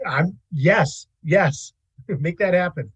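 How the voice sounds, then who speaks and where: A man's voice: on the high side, slow pace, slightly rough, no echo. A man playing a tabletop game, speaking casually and stammering a little, sometimes in character. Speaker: player.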